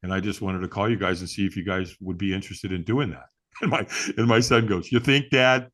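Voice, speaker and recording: A low-voiced middle-aged man talks fast while guesting in an easygoing interview. The firewalk instructor tells stories with gusto, acting out what people said and laughing often.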